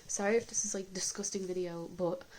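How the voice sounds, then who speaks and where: A woman's voice: mid-range voice, steady tone, a little fast, a little mellow, a little hiss or hum, low-quality recording. A woman vlogger talking candidly and chattily in a home video diary, coughing now and then. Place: indoors at home.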